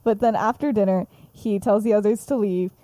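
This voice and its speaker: Giggly young woman, dark mellow voice. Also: mid-range voice, fairly quick, no room sound. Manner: animated, giggly, acts out the characters' lines. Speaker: podcast co-host. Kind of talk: casual chat, retelling her own story.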